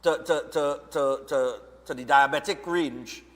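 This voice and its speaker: A man's voice: mid-range voice, measured pace, fairly bright tone. A man with a Trinidadian accent hosting a casual talk show and asking questions, often tagging his lines with "right?". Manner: conversational, tags lines with "right?". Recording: reverberant room.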